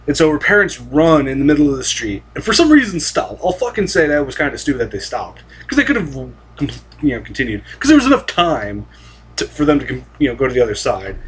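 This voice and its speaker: A man's voice: fairly high pitch, fairly bright tone, breathy edge. A young man talking casually and rambling about anime, swearing freely and restarting his sentences with lots of fillers. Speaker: anime vlogger.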